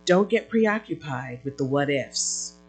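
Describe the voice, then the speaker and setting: An animated preacher delivers a sermon, the voice swooping up and down on key words. Phrases restart and repeat as the thought builds, with quick call-outs to the listeners. The pitch sits mid-range and moves a great deal. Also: husky, poor audio. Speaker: pastor.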